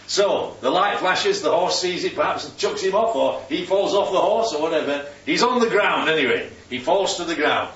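A man's voice: fairly high pitch, normal speed, hardly any pauses. Guy teaching bible study, keeps asking the group questions, voice bouncing up and down, sounds far off in an echoey room. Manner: animated, quizzing the group with questions. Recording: roomy, distant, dull sound.

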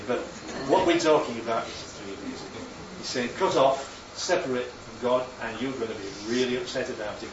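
Recorded from a distance in an echoey church hall, the sound is dull and the background noise heavy. A northern English man preaches at medium pitch, a little fast with few pauses, keeping it chatty and jokey and often asking the congregation questions.

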